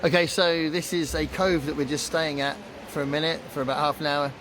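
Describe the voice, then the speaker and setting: A man's voice: on the high side, fairly even intonation, fairly quick. A man vlogging while out sightseeing, chatty and rambling with many fillers, talking to a handheld camera. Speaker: travel vlogger. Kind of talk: casual vlog narration to camera. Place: outdoors, sightseeing on foot and by water. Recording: outdoor noise behind voice.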